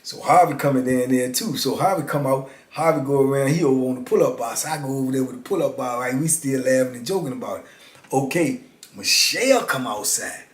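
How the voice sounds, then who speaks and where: A man in his fifties telling a story in a relaxed, casual way and acting out the other people's voices. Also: medium pitch, a little fast. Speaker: YouTube storyteller. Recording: roomy echo.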